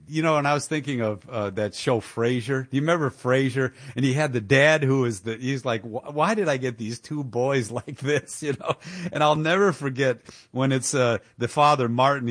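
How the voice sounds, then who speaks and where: Brief: male radio talk host, fired-up and emphatic, mid-pitched voice, close dry studio mic. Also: no room sound. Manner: indignant, emphatic, with chuckles. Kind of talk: political talk radio commentary.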